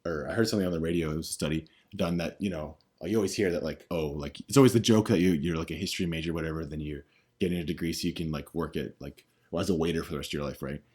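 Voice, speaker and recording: A man's voice: extremely low pitch, very fast, darkish tone, slightly rough. A young man co-hosting a podcast in casual chat, blunt and opinionated, swearing casually. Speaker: podcast co-host.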